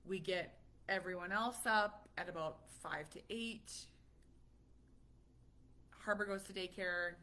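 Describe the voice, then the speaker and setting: Bright-voiced chatty mom vlogger. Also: female voice, fairly low pitch, slow pace, long pauses. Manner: chatty, animated, laughs often. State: slightly stuffy from a cold. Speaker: parent vlogger. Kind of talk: casual chat.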